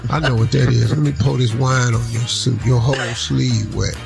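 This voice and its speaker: A man on a radio show tells a story in a laid-back, anecdotal way. His voice is mid-pitched and strongly gravelly. Faint music plays in the background. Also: fairly even intonation, normal speed. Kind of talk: casual storytelling.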